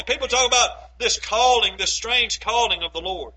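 High-voiced, very bright male preacher. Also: unhurried, few pauses, rough recording. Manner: emphatic preaching, swinging between loud stressed phrases and low quiet asides. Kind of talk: sermon.

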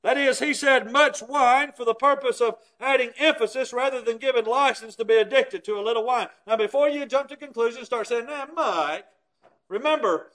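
A man's voice: extremely high pitch, a bit bright. A man preaching a sermon, teaching scripture in an emphatic, explanatory way with everyday examples.

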